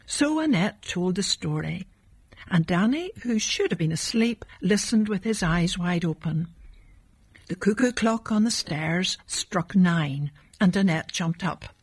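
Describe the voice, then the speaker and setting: A woman reading a children's Christmas storybook aloud in a calm, measured way. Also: medium pitch, husky, dry recording. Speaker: narrator.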